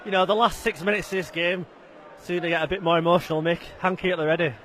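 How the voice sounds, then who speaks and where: A man adds chatty, self-mocking colour commentary to a live rugby league match. His voice sits high and sounds bright and forceful, with a little outdoor noise behind him. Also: steady tone, quick pace.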